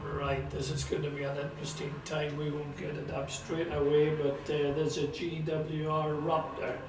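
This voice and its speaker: A man with a Scottish accent giving chatty, excitable live commentary on a motorsport sprint event. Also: a little high, moderate pace. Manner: chatty, excitable, talks to a companion. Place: at a sprint track. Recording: roomy, distant mic with loud car noise. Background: car engines and outdoor ambience.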